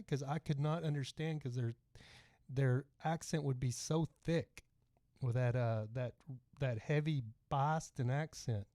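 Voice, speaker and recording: This podcast host is a middle-aged man from Texas whose soft twang colors a mellow, dark, mid-range voice. Unhurried, he rambles through a casual livestream and reads out comments from viewers, captured in close, dry sound with no room echo.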